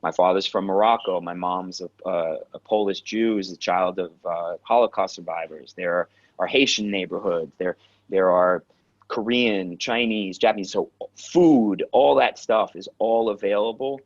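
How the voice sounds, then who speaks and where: A man with a New York accent, a guest actor telling stories in a direct, animated, casual interview way. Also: deep voice, moderate pace. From Queens, New York. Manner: direct, animated storyteller who swears. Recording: dull lo-fi sound.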